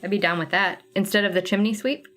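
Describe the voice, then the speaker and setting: She talks fast in a steady, medium-pitched voice with a bit of brightness, and faint music plays behind. Hosting a casual cross-stitch livestream, she chats with viewers and muses aloud while sorting thread colors.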